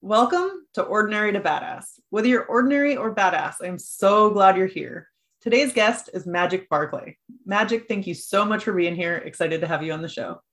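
A woman's voice: mid-range voice, animated, moderate pace, fairly bright tone. A woman hosting a podcast, introducing her guest and asking eager, enthusiastic questions. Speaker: podcast host.

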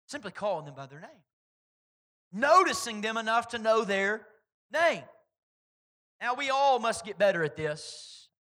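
High, bright-voiced pastor preaching. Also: male voice. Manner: animated preaching that swings from loud emphasis to quiet storytelling. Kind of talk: sermon.

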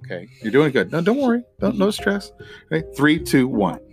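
A man's voice: fairly high pitch, wildly swooping pitch, brisk, music in the background. A middle-aged man hosting a podcast, wrapping up in a casual, rambling way with lots of fillers and playful rhymes. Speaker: podcast host.

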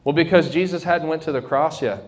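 A young adult man preaching with fervor to a congregation, his voice sitting a little high for a man. He slows right down to drive home the key lines, then picks the pace back up. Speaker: pastor. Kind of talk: sermon.

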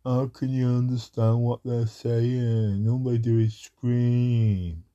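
A man putting on a snooty educated person who sneers at metal music, in a slow and condescending voice. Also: mid-range voice, flat delivery, dark tone, muffled recording, pitched above the performer's own voice, close to an everyday voice. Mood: sneering.

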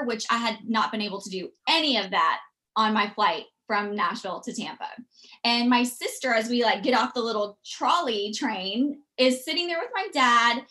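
This is a woman, chatting as a podcast guest. Her voice sits a bit high and sounds bright and forceful. She tells stories in an animated way and acts out the lines of the people in them. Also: moderate pace. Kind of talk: casual storytelling.

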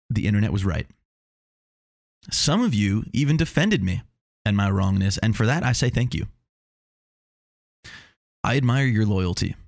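A man's voice: lowish voice, darkish tone, no room sound, studio quality. A man hosting a casual solo talk, rambling and self-mocking with meandering asides.

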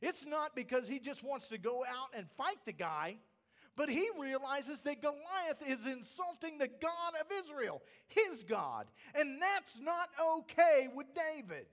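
Give me an emphatic male preacher with a very high, lively voice giving a sermon. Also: unhurried. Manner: emphatic, rhetorical questions, laughs at points. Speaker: pastor.

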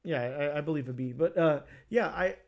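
A man's voice: a little high, normal speed, lo-fi sound. A man co-hosting a casual comics podcast, talking in a rambling way with many restarts. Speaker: podcast co-host.

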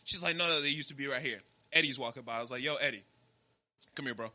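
A man's voice: mid-range voice, quick pace, bright, forceful tone. A young man, a podcast co-host, telling a story in casual chat and acting out the dialogue with animation.

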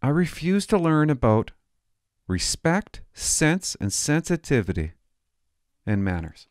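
A man's voice: on the high side, big pitch swings, takes it slowly, dry recording, studio quality. A middle-aged man reading newspaper headlines aloud and mocking them with sarcastic, mock-indignant commentary.

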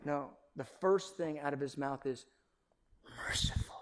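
A male pastor preaching a sermon in a church, animated, swinging between loud emphasis and near-whispers. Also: fairly high pitch, normal speed. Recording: long reverb of a large hall.

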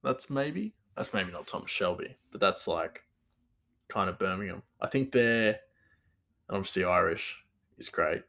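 A man's voice: deep voice, moderate pace, pauses often, pushed and bright. A young man chatting casually about accents, rambling, self-correcting and laughing at himself. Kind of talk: casual chat.

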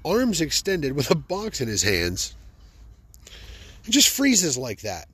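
A man hosting a podcast, telling funny personal stories in an animated, joking, self-amused way. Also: on the high side, slow pace, breathy edge. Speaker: podcast host. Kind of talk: comic personal storytelling.

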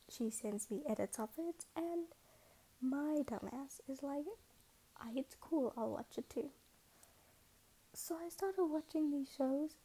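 A woman's voice: high voice, warm tone, rough recording. A young woman hosting a casual podcast, rambling and self-mocking, often dropping into a whisper. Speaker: podcast host. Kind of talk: casual monologue.

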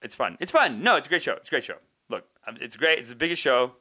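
A man doing a loose, animated stand-up comedy bit, riffing in slangy, casual talk. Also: mid-range voice, fast talker, breathy edge.

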